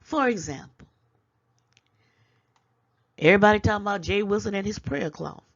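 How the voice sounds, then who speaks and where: A woman's voice: mid-range voice, animated, normal speed, gravelly, muffled recording. A woman hosting her own commentary channel, lecturing viewers with rhetorical questions and chuckling between points. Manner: preachy, scolding with rhetorical questions. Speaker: channel host. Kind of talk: casual commentary vlog.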